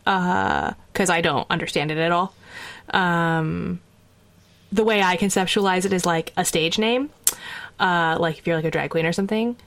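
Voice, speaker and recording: A woman's voice: on the low side, lively intonation, moderate pace, a bit bright. A woman co-hosting a podcast in casual chat, easygoing and a little hesitant, with plenty of ums and likes. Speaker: podcast co-host.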